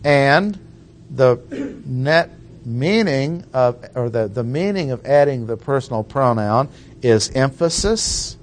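A man preaching a teaching sermon, explaining word meanings slowly and deliberately and asking rhetorical questions. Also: medium pitch, animated. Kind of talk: sermon teaching on Bible language.

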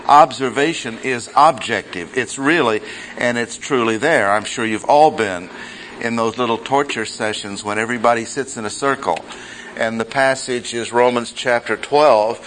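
A man teaching a Bible study class, speaking deliberately and repeating key phrases for emphasis. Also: medium pitch, fairly bright tone, a little hiss or hum, poor audio.

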